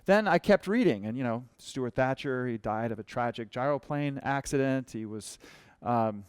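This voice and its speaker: A man's voice: medium pitch, expressive, normal speed, smooth, no room sound. A man giving a talk as a writer in the experience design business. He tells personal stories in a conversational way and acts out the lines of the people in them. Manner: conversational storyteller who acts out quoted dialogue. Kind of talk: storytelling presentation talk.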